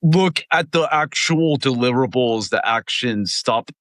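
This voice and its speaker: A man hosting a podcast speaks in a relaxed, plain-spoken way. He chuckles along with his guest at a middling pitch. The recording is dry and close, with no echo. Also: measured pace. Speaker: podcast host. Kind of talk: casual podcast chat.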